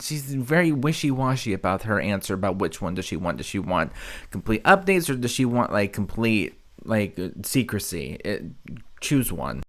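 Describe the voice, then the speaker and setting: Sarcastic man with a lively voice. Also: fairly low pitch, normal speed. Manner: exasperated, sarcastic, mocking put-on voices. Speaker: reaction commentator. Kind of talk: casual reaction commentary.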